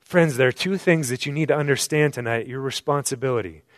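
Brief: male pastor, mid-range voice, sermon delivery, rhetorical questions, loud-to-hushed dynamics, dry close recording. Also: a little fast, no echo. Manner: rhetorical questions, swings from loud emphasis to hushed low tones. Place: church service at night.

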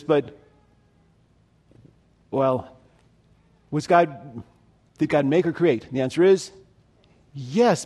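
On the high side with a darkish tone, this man preaches a sermon in a conversational way, putting questions to his listeners as he teaches.

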